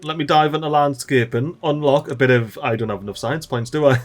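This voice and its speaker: A man giving excitable, chatty let's play commentary and talking to the little characters in his game. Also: mid-range voice, a little fast. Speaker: gaming channel host.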